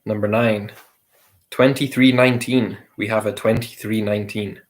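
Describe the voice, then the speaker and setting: A quiz host with a slightly low voice runs a casual quiz among friends, reading each question at an easy, normal speed in a steady tone. He repeats every question and lets out the odd light chuckle.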